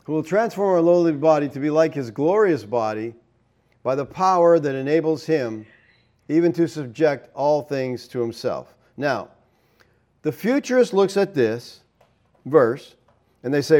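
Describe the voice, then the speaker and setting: A man's voice: on the high side, lively intonation, a little slow, darkish tone. A man preaching a verse-by-verse Bible teaching, explaining Greek words and often checking in with the listeners.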